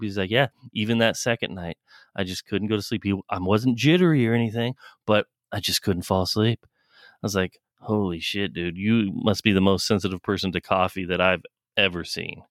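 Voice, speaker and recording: A man's voice: fairly low pitch, moderate pace, dry recording, clean studio sound. A man co-hosting a podcast, telling a rambling, laughing story with swearing in casual chat. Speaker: podcast co-host.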